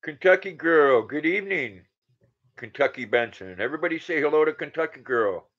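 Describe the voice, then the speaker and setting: A man's voice: fairly high pitch, expressive, fairly quick. A man in his sixties hosting a casual livestream, greeting viewers by name and reading their comments aloud. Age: 60s. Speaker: livestream host. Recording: dull lo-fi sound.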